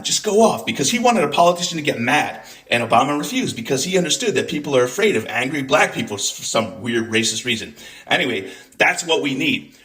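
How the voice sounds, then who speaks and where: A man in full rant mode, swearing freely and spitting sarcasm as he rails at his targets. His voice sits at an ordinary middle pitch, hard and furious throughout. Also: bright, forceful tone. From United States. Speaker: political commentator. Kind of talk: angry profane rant to camera.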